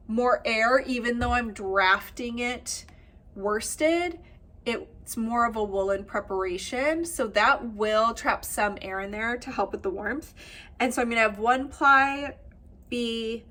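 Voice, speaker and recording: Woman, nasal, upbeat, casual vlog chat, a bit higher voice. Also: bright, forceful tone. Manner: chatty and upbeat, many fillers and little laughs. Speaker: knitwear designer and vlog host.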